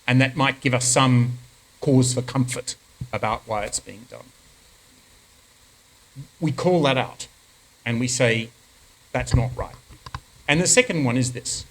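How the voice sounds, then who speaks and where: Firm, deliberate Australian man, measured policy talk. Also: mid-range voice, rough recording. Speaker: diplomat answering questions. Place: conference hall.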